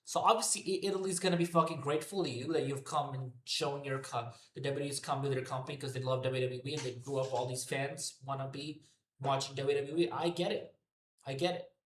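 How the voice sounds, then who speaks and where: A man's voice: mid-range voice, fairly even intonation, fairly quick, reverberant. A man ranting profanely to his live chat about a wrestling show, repeating himself as he goes. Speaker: wrestling commentary streamer. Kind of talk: unscripted rant to a live chat. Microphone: headphones on.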